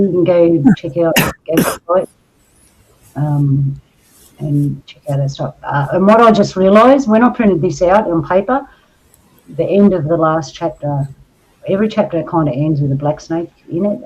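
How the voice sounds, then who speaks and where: A man's voice: a little high, moderate pace, a little mellow, breathy edge, muffled recording. A man hosting a casual chat over a video call, loose and chatty as he wraps things up for viewers. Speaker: host.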